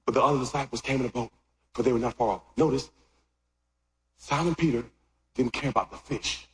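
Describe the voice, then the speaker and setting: A middle-aged man preaching a sermon, swinging from loud shouts to quiet asides. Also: a little fast. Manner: animated, jumps from loud shouts to low asides. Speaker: pastor. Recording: echoey hall with long reverb.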